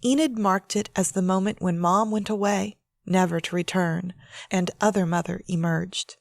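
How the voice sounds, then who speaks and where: A woman author reading her own novel aloud in a measured, steady audiobook narration. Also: fairly low pitch, vocal fry, no room sound.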